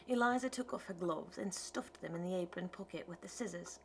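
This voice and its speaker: A woman narrating an audiobook in a measured, even storytelling manner. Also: lowish voice, slight background noise, poor audio. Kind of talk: scripted narration.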